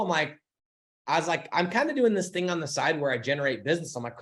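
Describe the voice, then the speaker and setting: A young man coaching his followers on business, telling a story in a casual, excitable way, swearing often and acting out what people said. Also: on the high side, a little fast. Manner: excitable, swearing, animated retelling with voiced quotes.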